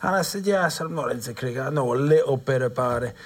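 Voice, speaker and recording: A man's voice: medium pitch, fast talker, breathy edge. A male host in a casual chat, chatty, prompting his guest with questions and telling his own stories.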